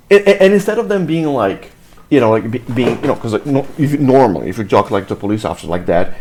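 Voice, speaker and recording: A man's voice: medium pitch, expressive, brisk, a little mellow. A man giving reaction commentary, agitated, swearing and stumbling over repeated words. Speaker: video reactor.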